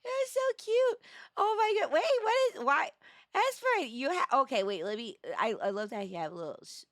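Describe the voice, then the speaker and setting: A young woman streaming live with a bright, crisp voice that sounds worn and in need of rest. She talks at an unhurried pace, chatty and warm toward viewers she greets by name, and now and then bursts into excited yells. The sound is close and dry. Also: on the high side, no room sound. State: tired voice needing rest. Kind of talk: casual live-stream chat.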